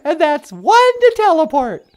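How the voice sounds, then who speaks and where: A man voicing a giddy, flirty female alien spaceship pilot in a squealing falsetto for puppet comedy. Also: wildly swooping pitch, measured pace, full character voice.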